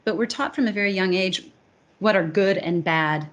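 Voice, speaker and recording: A woman's voice: medium pitch, moderate pace, a bit bright, lo-fi sound. An American woman, a speech coach and academy founder, talking earnestly in an interview and stacking her points in lists. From United States. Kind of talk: conversational interview.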